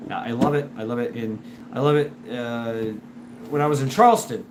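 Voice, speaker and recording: A man hosting a show in a casual, rambling monologue, full of restarts and repeated words, and animated when he imitates other people. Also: mid-range voice, moderate pace. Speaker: show host. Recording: noisy background.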